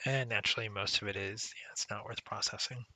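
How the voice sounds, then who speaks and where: A man talks through an old adventure game in a relaxed, chatty way, stopping to explain how things work. His voice is very bright and forward. The recording is dry and close, with almost no room sound. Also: lowish voice, brisk, no echo. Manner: conversational, explains game mechanics with occasional laughs. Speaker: let's play commentator. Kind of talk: casual gameplay commentary.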